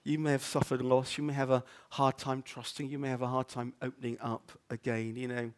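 A man's voice: medium pitch, level tone, a little fast. Earnest male pastor preaching. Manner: earnest, stumbles and repeats words, drops to near-whisper on quotes. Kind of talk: sermon.

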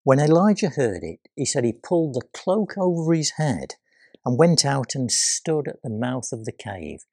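A man preaching a sermon, retelling scripture with dramatic pauses and hushed quoted voices. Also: medium pitch, sing-song, vocal fry, no echo, studio quality.

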